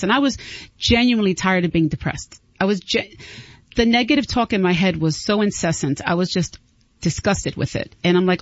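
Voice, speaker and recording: A woman's voice: mid-range voice, brisk, no echo. A woman talks through her story as an interview guest, earnest and heartfelt, often stumbling and restarting mid-sentence. Her voice is dry and close, with a dull, lo-fi broadcast quality. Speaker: guest author. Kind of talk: candid interview talk.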